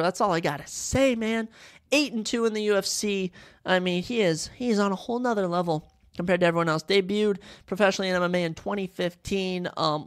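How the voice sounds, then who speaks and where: A man's voice: sits high, smooth. Hyped young man breaking down fights. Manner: hyped, repeats lines for emphasis. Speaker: podcast host. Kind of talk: excited sports podcast breakdown.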